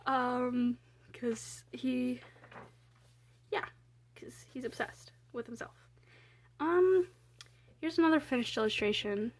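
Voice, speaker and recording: Young woman, fairly high voice, rambling casual chat, lots of ums, swears offhandedly. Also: slow pace, long pauses. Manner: chatty, filler-heavy, self-deprecating, swears casually. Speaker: artist showing her sketchbook.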